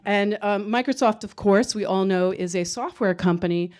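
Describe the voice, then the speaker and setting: A woman's voice: medium pitch, normal speed, a little mellow. A woman moderating a conference panel, introducing the panelists in a conversational, explanatory way to a live audience. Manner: conversational, explanatory, some fillers.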